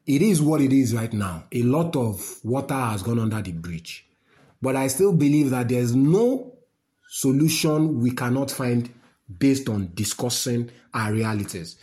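A man's voice: mid-range voice, expressive, unhurried, warm tone. A man with a Nigerian accent, delivering a fiery, rambling political rant to his listeners. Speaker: political commentator. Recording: roomy echo.

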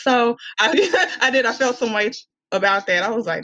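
A woman with a Southern US accent, a podcast guest speaking in candid, animated casual chat and laughing often. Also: fairly high pitch, moderate pace, no room sound, low-quality recording. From Arkansas, US.

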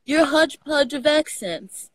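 A young woman with a Texan accent, chatting as a podcast guest, animated, laughing often and swearing casually. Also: high-pitched, moderate pace, no echo, low-quality recording. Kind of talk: casual conversation.

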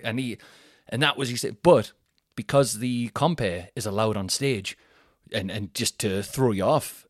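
A man's voice: on the low side, dry recording, studio quality. A young man hosting a podcast, telling rambling, self-mocking stories in a casual monologue. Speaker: podcast host.

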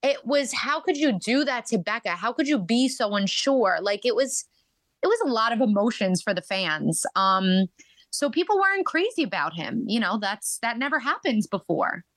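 A woman guest on a podcast, telling stories in a chatty, animated way, full of "like" and "um". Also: fairly high pitch, normal speed, no room sound. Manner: chatty, animated, many fillers like "like" and "um". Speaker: podcast guest, reality show contestant. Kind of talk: casual storytelling interview.

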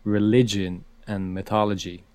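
A man with a fairly low voice talks films on a podcast with animated energy. He stumbles and repeats words as he gets worked up. The sound is dry and close, with no room around it. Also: moderate pace, no room sound. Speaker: podcast co-host. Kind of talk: casual film chat.

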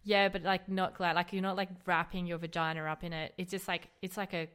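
A woman, co-hosting a casual, frank chat, blunt and quick to swear and laugh. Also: fairly low pitch, little pitch movement, fairly bright tone, clear, resonant tone. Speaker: podcast co-host.

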